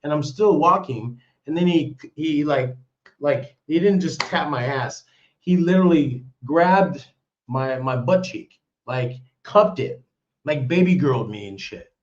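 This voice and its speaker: A man's voice: a little high, a little slow, dull audio. A man telling a story on a live stream in casual, rambling talk, cursing and restarting his sentences often. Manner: rambling, profane, with many restarts.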